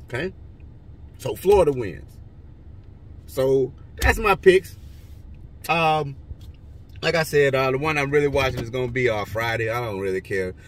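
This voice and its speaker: A man casually rambling through his football picks, joking and swinging between loud and quiet. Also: measured pace, long pauses, far from the mic, a little hiss or hum. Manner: rambling, joking, lively swings in pitch and loudness. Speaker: vlogger giving football picks.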